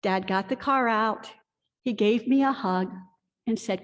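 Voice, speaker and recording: A woman pastor giving a sermon, telling a personal story with earnest, confessional warmth. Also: fairly high pitch, unhurried. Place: church sanctuary. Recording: long reverb of a church hall.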